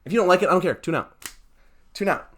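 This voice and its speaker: A man's voice: high voice, quick pace. A young man hosting a solo podcast, ranting in a heated, exasperated way with sarcastic asides. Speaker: podcast host.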